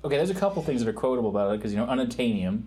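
A man's voice: mid-range voice, expressive, rapid-fire, warm tone. A man appearing as a game developer guest on a podcast, chatting casually and rambling with self-deprecating jokes. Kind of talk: casual chat.

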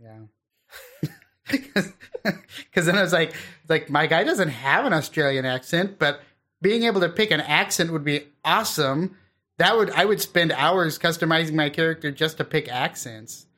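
Rambly podcast dude, kinda higher voice, chill, trails off at the ends. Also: male voice, lively intonation, moderate pace. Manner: rambling, laid-back, trails off quietly. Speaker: podcast co-host. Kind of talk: casual chat.

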